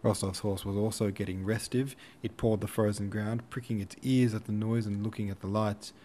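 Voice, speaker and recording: A man narrating a classic novel in a steady, even storytelling manner. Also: lowish voice, moderate pace, slight background noise. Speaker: audiobook narrator. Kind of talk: scripted narration.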